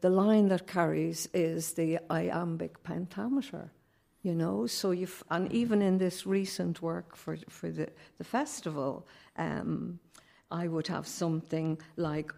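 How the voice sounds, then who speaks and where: A woman poet, not a native English speaker, talking thoughtfully on a panel with a measured, musing manner. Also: lowish voice, steady tone, creaky, mellow. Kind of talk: reflective panel discussion.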